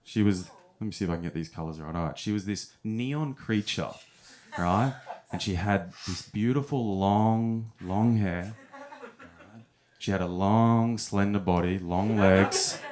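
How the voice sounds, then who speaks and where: A man's voice: on the low side, measured pace, a little mellow. A young man telling stories in a stand-up set at a comedy club, often chuckling at his own punchlines.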